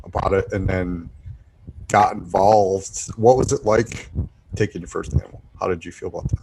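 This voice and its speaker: A male podcast host with a fairly low, mellow voice. He asks relaxed, curious questions, with a faint hiss of noise behind him. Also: normal speed, creaky, poor audio. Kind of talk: casual interview.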